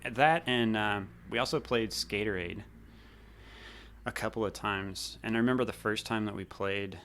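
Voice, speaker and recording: A man's voice: on the low side, normal speed, fairly bright tone. A man in his thirties from Missouri, a former drummer telling laid-back, rambling stories in a casual interview.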